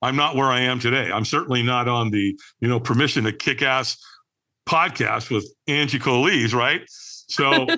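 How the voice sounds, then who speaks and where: A man, a podcast guest, telling a personal story with animated energy, acting out other people's lines and often checking in with "right?". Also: medium pitch, normal speed.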